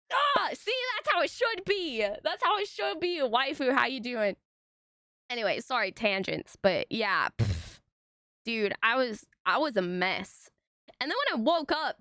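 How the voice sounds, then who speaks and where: A young woman streaming, telling stories in casual chat, animated and full of tangents and swearing. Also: on the high side, no room sound, studio quality. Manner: animated, tangent-prone storytelling with frequent swearing.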